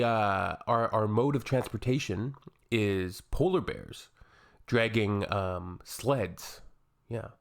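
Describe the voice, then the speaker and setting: A man from Canada with a lowish voice hosts a casual reaction video. He reads comments aloud and answers them with dry, sarcastic jokes. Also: gravelly.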